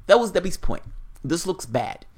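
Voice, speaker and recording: A man's voice: high voice, big pitch swings, moderate pace. A man hosting casual political commentary on a livestream, reading viewer chat aloud and answering in a blunt, profane, rambling way.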